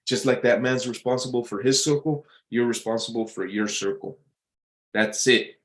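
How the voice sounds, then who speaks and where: A man's voice: medium pitch, moderate pace, fairly bright tone, roomy sound. A man giving casual motivational advice, blunt and profane, often repeating himself and restarting his sentences. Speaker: vlogger giving life advice.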